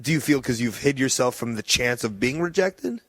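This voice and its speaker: A man's voice: medium pitch, lively intonation, moderate pace, no room sound. A man hosting a casual podcast interview, talking bluntly and teasingly, swearing freely and rambling. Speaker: podcast host.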